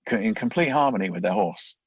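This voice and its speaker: A man's voice: fairly low pitch, lively intonation, fast talker, creaky, slightly rough, no echo, muffled recording. A man, a leadership coach, explaining ideas in a conversational interview, often acting out inner thoughts as quoted voices.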